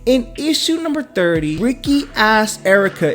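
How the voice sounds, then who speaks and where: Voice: medium pitch, moderate pace, faint music behind. A comic book reviewer narrating a story recap in a casual, slangy, joking way. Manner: slangy, animated, jokey.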